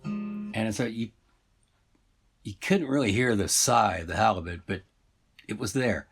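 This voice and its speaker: A man's voice: mid-range voice, animated, moderate pace, pauses often, breathy edge, faint music behind. A man telling a story in a rambling, meandering way, full of fillers and asides.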